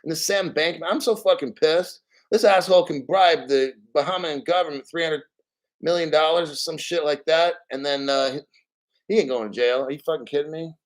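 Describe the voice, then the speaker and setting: A man's voice: a little high, brisk, poor audio. A man hosting a casual crypto stream, rambling bluntly and swearing freely. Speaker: crypto show host. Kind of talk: casual live-stream rant.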